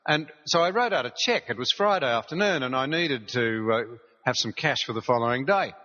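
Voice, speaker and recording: Aussie bloke giving a speech, bright ringing voice, wry stories, echoey muffled hall. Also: male voice, mid-range voice. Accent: Australian. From Australia. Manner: storytelling, wry, earnest. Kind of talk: public speech with anecdotes. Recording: dull, reverberant hall recording.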